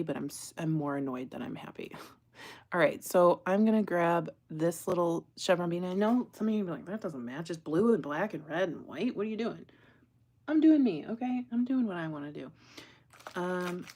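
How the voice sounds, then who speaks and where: A woman's voice: on the low side, a little mellow. A woman hosting a live jewelry-making stream, chatting casually and rambling to her viewers as she works. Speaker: jewelry-making livestream host. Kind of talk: casual live crafting chat.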